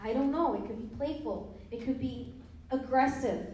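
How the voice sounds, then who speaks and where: This young woman, a business trainer, speaks at normal speed in a high, mellow, playful voice to a live seminar audience in a meeting room. She laughs a lot and performs little dialogues as she motivates them. A far-off mic captures heavy echo and faint hiss.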